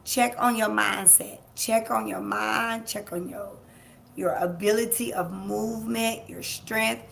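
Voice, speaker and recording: With a medium pitch, steady tone and measured pace, this woman's voice carries vocal fry and a fairly bright quality, against slight background noise. She hosts a live-streamed motivational talk as a life coach, emphatic, repeating key lines and speaking right to her audience, laughing easily and chatting with people nearby.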